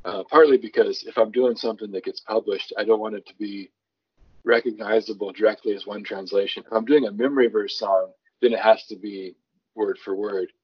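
A low-pitched man with a husky, somewhat breathy voice talks through how he builds a song from a psalm. He speaks thoughtfully, doubling back on words as he works out his point. The audio is dull and lo-fi. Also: fairly even intonation, brisk. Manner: thoughtful, restarts often, reads scripture aloud with varied emphasis. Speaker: songwriter guest. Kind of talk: conversational explanation.

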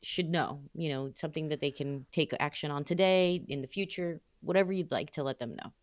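Woman, podcast co-host, relaxed, lots of fillers, dry close sound. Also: sits low, a little fast, no room sound. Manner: relaxed, filler-heavy, encouraging. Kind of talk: casual interview hosting.

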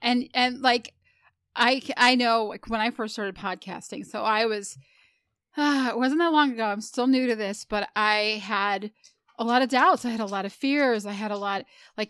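Chatty, higher-voiced woman host, dry sound. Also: moderate pace, clean tone, no room sound. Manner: chatty, self-deprecating, animated. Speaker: podcast host. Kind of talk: casual podcast chat.

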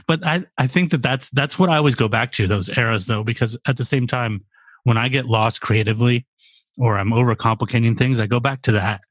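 A man's voice: medium pitch, fairly quick, fairly bright tone, no echo. A man in his forties in a casual podcast chat, rambling and profane with lots of fillers. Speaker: podcast co-host.

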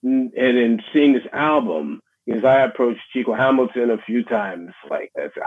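A middle-aged man with a New York accent, a musician being interviewed, speaking in a halting, reflective way with many restarts. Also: mid-range voice. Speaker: guest musician. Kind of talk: casual interview conversation. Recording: husky voice over a tinny phone line.

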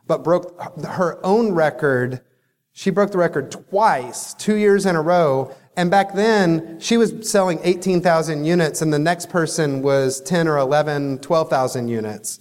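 A man delivering a motivational keynote to a sales crowd, his voice sitting a little higher than most men's. He tells his story with animated energy, playing out the back-and-forth of old phone calls. The sound carries a long trailing reverb from a large hall. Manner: animated storyteller who acts out phone dialogue. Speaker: company CEO giving a sales keynote.

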